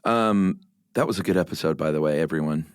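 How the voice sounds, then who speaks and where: Laid-back low-voiced man, dry studio sound. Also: fairly quick, smooth, dry recording. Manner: laid-back, self-mocking storyteller with many uhs. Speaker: podcast co-host. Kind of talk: casual chat.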